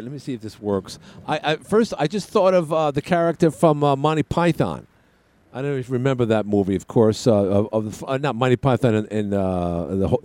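This is a man with a mid-range, somewhat dark voice hosting a call-in radio show. His chat rambles and jokes along, wandering off on plenty of side tangents.

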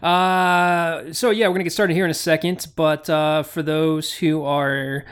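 A man's voice: on the high side, a little slow, clear, resonant tone. Joking man hosting a podcast. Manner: joking, deadpan self-promotion. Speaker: podcast co-host. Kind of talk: casual comedic podcast banter.

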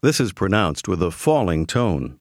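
A man narrating a language course in a clear, measured scripted style, giving prompts to the learner. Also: sits low, very animated, dry recording, studio quality.

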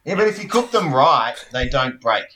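A man's voice: mid-range voice, big pitch swings, moderate pace, sharp tone, slight background noise, poor audio. A man hosting a casual group chat, rambling with fillers.

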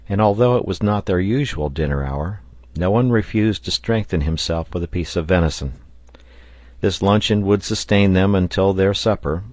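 A man reading a classic adventure novel aloud as an audiobook narrator, in a steady reading manner. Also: low voice, no echo. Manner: steady, even-paced reading.

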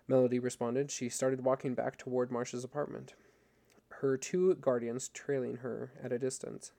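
Gravelly, dark-voiced male storyteller. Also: medium pitch. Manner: measured, even storytelling. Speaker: narrator. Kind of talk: audiobook reading.

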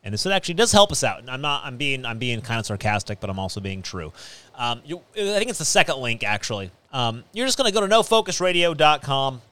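A man's voice: mid-range voice, sing-song, quick pace, sharp tone, clean tone, dry recording. A man hosting a podcast in a small studio, chatting casually and rambling with many fillers and restarts. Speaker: podcast host. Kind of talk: casual chat.

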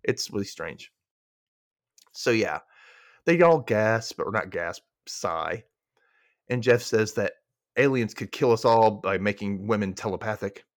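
A man's voice: fairly low pitch, expressive, measured pace, long pauses, dry recording, studio quality. A young man hosting a podcast, chatting casually and animatedly, often acting out quotes in silly voices. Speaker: podcast host. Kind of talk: casual recap chat.

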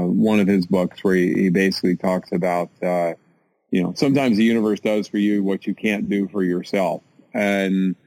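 A man's voice: on the low side, dry recording, poor audio. Self-mocking American man telling a story. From United States. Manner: animated, self-mocking, many fillers and restarts. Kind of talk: casual storytelling in an interview.

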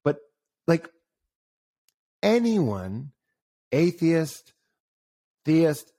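A man in casual conversation who tells stories with animation, often jumps up in pitch for emphasis and acts out the voices he quotes. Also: sing-song, very slow, mellow, no room sound.

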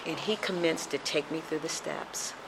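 A woman's voice: deep voice, steady tone, moderate pace, vocal fry, very noisy. A middle-aged woman telling her recovery story at a meeting, emotional and repetitive in her storytelling.

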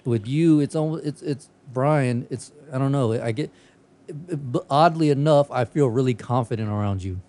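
A man's voice: medium pitch, normal speed, dark tone. A man hosting a podcast in casual chat, telling stories with lots of swearing and laughter. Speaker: podcast host.

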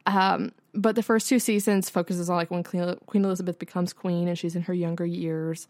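A woman's voice: on the low side, little pitch movement, brisk, darkish tone, no room sound. A young woman co-hosting a podcast, chatting casually with lots of "like" fillers and frequent swearing. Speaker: podcast co-host. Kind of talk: casual chat.

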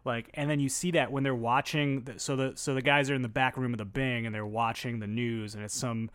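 A man's voice: mid-range voice, steady tone, fairly quick, a bit bright, clear, resonant tone, no room sound. A man talking through a casual podcast chat, circling his point with fillers and restarts. His voice sits in a middle register and is recorded close and dry, with no room sound around it. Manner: rambling, lots of fillers and restarts. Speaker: podcast host.

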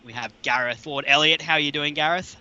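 A man's voice: on the high side, steady tone, a little fast, lo-fi sound, a crowd in the background. An Australian man hosting a wrestling podcast, upbeat and chatty, dropping in local slang. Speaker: podcast host. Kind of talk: podcast presenting.

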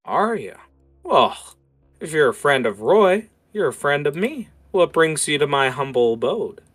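A man voicing a courteous, sly male rabbit-faced stranger in a cloak, speaking in a gracious, smooth-talking way. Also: on the high side, big pitch swings, measured pace, fairly bright tone, soft background music, voice pushed up, exaggerated voice.

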